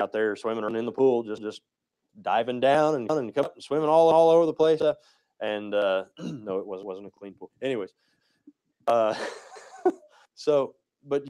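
A man's voice: fairly low pitch, mellow, clean tone, dry recording, poor audio. A male pastor giving a casual, conversational sermon, with many restarts and a habit of asking "right?".

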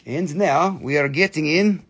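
A man hosting a live crystal sale, chatty and excitable, with crude jokes and non-native phrasing. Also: fairly high pitch, a little slow, slightly rough. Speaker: live-stream crystal seller. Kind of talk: casual live sales chat.

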